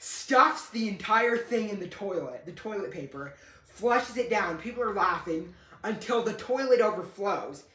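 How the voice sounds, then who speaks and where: A young man spins a casual story, doubling back and fixing his own words as he goes, with a dry streak of humor. His voice is bright and edged with tension. It rings in a room with a noticeable echo. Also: high-pitched, lively intonation, a little slow. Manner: rambling, self-correcting, dry humor. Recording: echoey room.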